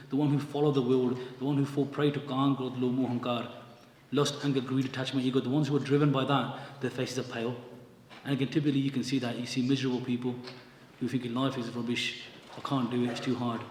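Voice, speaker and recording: Fast-talking male storyteller in an echoey hall. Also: mid-range voice, slight background noise. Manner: lively storyteller acting out quotes, mixing in Punjabi. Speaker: Sikh scripture teacher. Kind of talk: religious storytelling lecture. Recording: echoey hall from far off, faint ambience.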